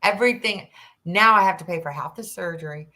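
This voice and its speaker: A woman in her sixties, a podcast guest, telling a personal story in an animated way and acting out the dialogue. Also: lowish voice, a little fast. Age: 60s. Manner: animated, acts out quoted dialogue, rambling restarts.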